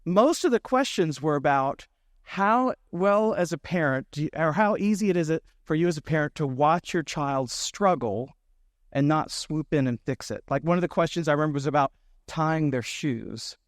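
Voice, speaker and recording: A pastor in his thirties preaches in a relaxed, chatty way and talks straight to the congregation. His voice sits a little high for a man. The sound is close and dry. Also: normal speed, no echo. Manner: conversational storytelling with asides to the congregation. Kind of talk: sermon.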